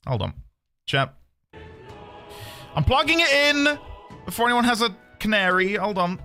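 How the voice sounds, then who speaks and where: Man, 30s, game streamer, lively and up-and-down, chatty and self-deprecating, at a home desk mic. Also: on the high side. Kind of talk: casual live-stream chat.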